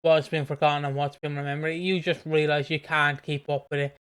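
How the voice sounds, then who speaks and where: A man's voice: a little high, flat delivery, brisk, fairly bright tone, clear, resonant tone. A man co-hosting a podcast in casual chat, rambling into tangents and laughing easily. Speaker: podcast co-host.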